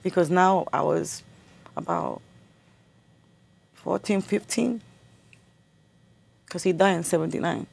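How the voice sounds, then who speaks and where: A middle-aged woman giving a personal account as an interview guest, halting and repeating words as she remembers. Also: fairly low pitch, vocal fry, darkish tone, husky.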